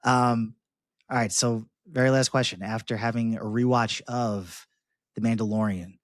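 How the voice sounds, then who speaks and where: A man co-hosting a podcast in casual chat, talking in halting bursts with frequent restarts. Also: mid-range voice, steady tone, no echo, studio quality. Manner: halting, many restarts and fillers. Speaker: podcast co-host.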